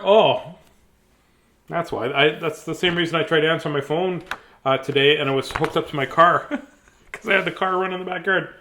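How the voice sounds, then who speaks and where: A man's voice: fairly high pitch, a little fast, pushed and bright. A man reading a bedtime picture book aloud on a live stream, breaking off for chatty, chuckling asides. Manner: chatty, chuckling asides between read lines. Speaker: storybook reader and host.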